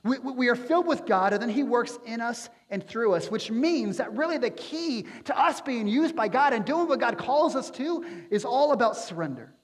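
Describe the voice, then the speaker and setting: High-voiced preacher in a reverberant hall. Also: male voice, lively intonation, moderate pace, few pauses. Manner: passionate, building to near-shouts at climaxes. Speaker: pastor. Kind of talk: sermon. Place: church sanctuary.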